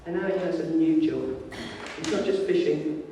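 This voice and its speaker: Male preacher, fairly high voice, mellow tone, casual storyteller style, distant echoey church recording. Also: moderate pace, a little hiss or hum. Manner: lively informal storytelling, acting out voices. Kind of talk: sermon. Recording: echoey hall from far off.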